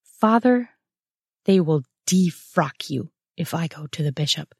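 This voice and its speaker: A scornful older nun hisses her lines low and slow, as a woman reads her part in a story. The voice sits low, drawn out unhurriedly, close and dry with no room sound. She snarls more than she speaks. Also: lively intonation, creaky, darkish tone, husky, dry recording, full character voice. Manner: snarling, hissing delivery. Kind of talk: read-aloud erotic story.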